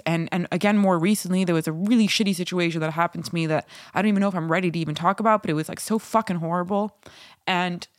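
A woman's voice: on the low side, dry recording, studio quality. Candid, swearing young woman podcast host. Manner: open, rambling, swears freely, laughs often. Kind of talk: candid solo podcast talk.

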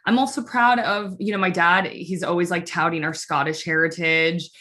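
A woman from the United States telling stories in an animated, chatty way, full of fillers, in casual conversation. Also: fairly low pitch, moderate pace. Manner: chatty, animated storytelling full of "like" and "you know".

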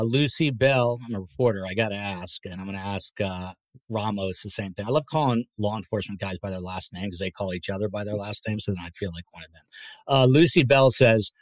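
A man's voice: lowish voice, no room sound. A man hosting a live podcast panel, chatty and rambling, with asides while he reads out viewer comments. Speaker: podcast host.

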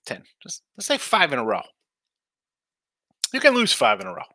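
Male betting-picks host, tired and rambling, bright tone, dry close mic. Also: on the high side, wildly swooping pitch, normal speed, no echo. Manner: loose, rambling, reads chat aloud. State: tired, yawning. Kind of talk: casual live-stream chat.

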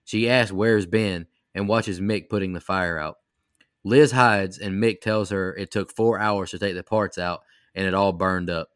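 A man with a fairly low voice reads through a movie's plot in brisk, even steps. It is a podcast-style recap. The sound is dry with no room to it. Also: smooth, dry recording.

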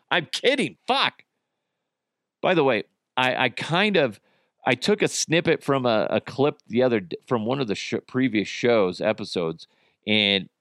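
A man's voice: a bit bright, no echo, studio quality. Yawning, joking podcast host man. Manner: rambling and joking, with sudden high-pitched bursts. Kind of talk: casual solo podcast chat. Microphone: camera and studio mic.

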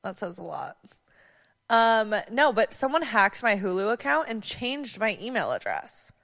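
A woman's voice: medium pitch, sing-song, a little slow, gravelly, fairly bright tone, in a large hall. A woman co-hosting a casual podcast, chatty and teasing, laughing easily as she tells stories. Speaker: podcast co-host. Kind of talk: casual chat.

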